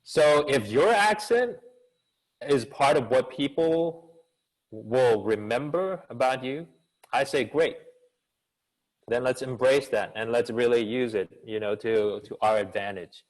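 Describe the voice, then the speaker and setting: During an online seminar on a video call, a male business school professor and communication coach answers questions slowly in a mid-range voice. His delivery is expressive like an actor's, energetic in a coaching way, and laced with rhetorical questions. Audio quality is poor.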